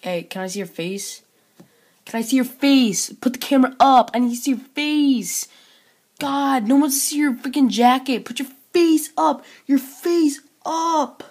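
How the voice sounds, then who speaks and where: A woman's voice: high voice, normal speed, darkish tone. A young woman chatting with strangers over a webcam, teasing them with mock-tough taunts. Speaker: chatroulette vlogger. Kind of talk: casual webcam chat.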